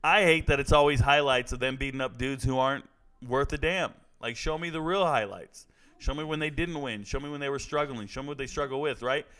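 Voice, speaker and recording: A man's voice: mid-range voice, fairly quick, a bit bright, smooth. A man reacting live to fight night in casual stream chat, joking, rambling and reading viewer comments aloud.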